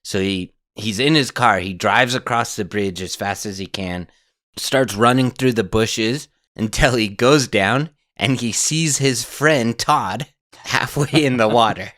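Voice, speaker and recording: A male podcast host casually telling a true story to his co-hosts, laid-back and quick to laugh. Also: mid-range voice, a bit bright, no echo, clean studio sound.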